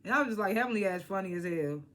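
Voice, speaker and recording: A young woman vlogging a casual reality TV recap, animated and slangy, laughing as she acts out what the cast said. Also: mid-range voice, racing. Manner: animated, laughing, slangy retelling with acted-out quotes. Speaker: reality TV reviewer.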